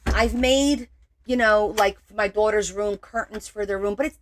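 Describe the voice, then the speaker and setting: A woman's voice: medium pitch, expressive, normal speed, darkish tone, slight background noise. A middle-aged woman hosting a casual crafting livestream, chatting and teasing viewers as she works and greeting them by name.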